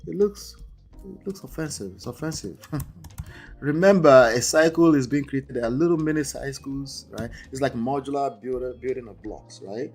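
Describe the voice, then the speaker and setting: A man's voice: medium pitch, normal speed, a little mellow, breathy edge, faint music behind. A man with an accent, hosting a live marriage-coaching stream in a conversational way, often checking in with "right?" and "okay?". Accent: non-native English accent. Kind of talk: livestream talk.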